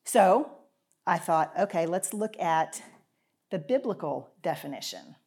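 Chatty woman, lowish voice. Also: animated, measured pace, a little mellow. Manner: chatty, folksy, clears throat often. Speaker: podcast host and Bible teacher. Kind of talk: casual devotional talk.

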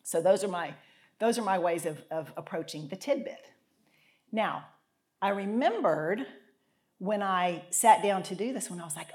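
A woman talks through a devotional in a relaxed, chatty way. Her voice sits a little low, and she stops to clear her throat from time to time. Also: moderate pace. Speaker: podcast host and Bible teacher. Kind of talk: casual devotional talk.

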